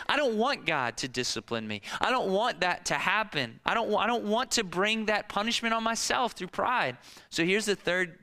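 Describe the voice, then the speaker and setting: A man's voice: high-pitched, pushed and bright. A man in his thirties preaching a sermon in a conversational way, asking rhetorical questions and telling stories from his own family life. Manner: rhetorical questions and personal anecdotes. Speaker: pastor.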